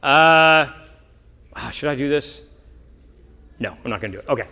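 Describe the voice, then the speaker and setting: A man's voice: mid-range voice, animated, normal speed, sharp tone. A middle-aged man gives a church mission report in an earnest, rambling way, with self-deprecating asides.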